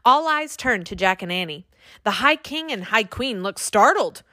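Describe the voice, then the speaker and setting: A woman narrating a children's audiobook with an expressive reading. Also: a little high, moderate pace, dry recording, studio quality.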